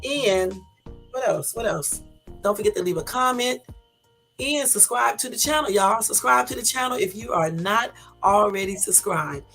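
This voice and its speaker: A middle-aged woman hosting her own livestream in a casual, rambling chat, talking very fast. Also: mid-range voice, lively intonation, fairly bright tone, breathy edge, soft background music. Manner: talks very fast, chatty and rambling. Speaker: livestream host.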